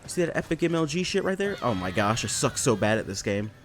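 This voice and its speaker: A man giving casual let's play commentary, excitable and self-mocking, swearing and laughing often into a desk microphone. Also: mid-range voice, fast talker, faint music behind. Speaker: gameplay commentator.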